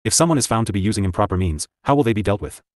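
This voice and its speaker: A man voicing a calm, protective young noblewoman in an audiobook, with a cool, assured manner. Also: fairly low pitch, racing, dry recording, clean studio sound, natural voice. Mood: cool mocking.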